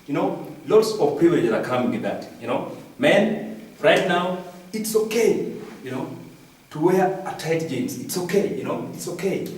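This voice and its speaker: A man's voice: a little high, very animated, normal speed. A Kenyan man doing a satirical comic news monologue, repeating each punchline with "I'm telling you.". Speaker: comedian. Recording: very echoey, distant from the mic.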